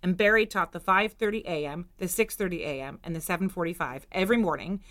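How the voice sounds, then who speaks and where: A bright, sharp-voiced woman hosting a loose chat. She jumps in with quick, playful jokes. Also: fairly low pitch. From Los Angeles, USA. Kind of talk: casual chat. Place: hotel room.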